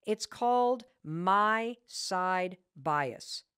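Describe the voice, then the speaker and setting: Woman podcast host, low-ish voice with big pitch swings, emphatic and candid, dry close sound. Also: lively intonation, drawn-out words, a bit bright, smooth, dry recording. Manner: emphatic, repeats key points, self-mocking storyteller; candid with mild profanity. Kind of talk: motivational talk.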